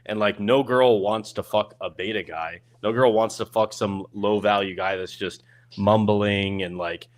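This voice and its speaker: A man in casual group talk, rambling a little and restarting his words as he explains. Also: lowish voice. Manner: rambling, restarts words, animated quoting of others. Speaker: podcast host. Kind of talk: casual group chat on a stream.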